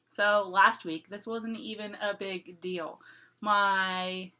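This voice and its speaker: A woman's voice: medium pitch, fairly even intonation, takes it slowly, background noise. A woman vlogger talking casually to camera, rambling and repeating herself, with lots of "like" and small laughs between thoughts.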